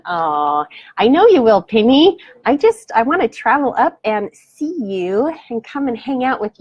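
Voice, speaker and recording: Woman, spiritual coach, live stream chat with viewers, effusive, affectionate, fairly high voice, dry close sound. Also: sing-song, a little slow, darkish tone, dry recording, highs cut off. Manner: effusive and affectionate, blows kisses.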